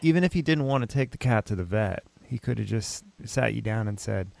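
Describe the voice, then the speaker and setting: Male host, gravelly low voice with fry, calm and reassuring with his guest. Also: fairly quick. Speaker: podcast host. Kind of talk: interview conversation.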